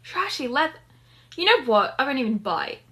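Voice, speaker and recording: A woman's voice: high voice, big pitch swings, normal speed, a bit bright, voice pushed up. A woman voicing a blunt, sarcastic young woman who is independent and stubborn. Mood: defensive. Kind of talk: dramatic story reading.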